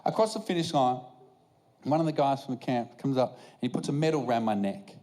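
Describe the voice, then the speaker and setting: A man doing stand-up storytelling, animated and acting out the back-and-forth of a conversation. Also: medium pitch, fairly quick. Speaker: stand-up comedian.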